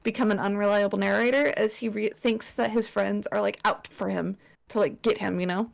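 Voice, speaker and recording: A woman's voice: medium pitch, fairly even intonation, fairly quick, vocal fry. A young woman presenting a slideshow to friends in casual chat, swearing often and filling with likes and ums. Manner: chatty, swears, lots of fillers.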